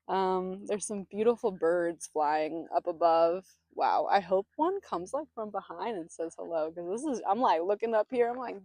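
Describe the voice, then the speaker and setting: A woman who hosts a spiritual vlog, speaking outdoors in a calm, soothing way with bursts of mock panic. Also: medium pitch, moderate pace, dry recording, studio quality. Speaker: spiritual guide and channeler. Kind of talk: casual spiritual talk to camera.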